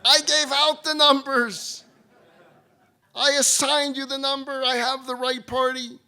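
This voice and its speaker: A man's voice: very high voice, flat delivery, measured pace, sharp tone, pitched above the performer's own voice, full character voice. A man voicing God as an insistent caller who will not accept that he dialed the wrong number. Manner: emphatic, insistent. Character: insistent commanding God on the phone.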